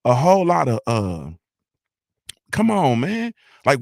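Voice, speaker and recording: A man's voice: on the high side, very animated, normal speed, no room sound, studio quality. A middle-aged man from Ohio, by way of Mississippi, hosting a casual live-stream morning show, rambling loosely, repeating "you feel me," and swearing freely.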